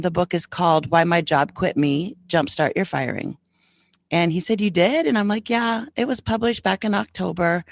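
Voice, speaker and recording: A woman's voice: low voice, creaky, no room sound, clean studio sound. A middle-aged woman hosting a podcast, telling a story in a chatty way and acting out the back-and-forth of what people said. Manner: chatty, quotes others in lively back-and-forth. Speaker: podcast host. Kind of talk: casual storytelling.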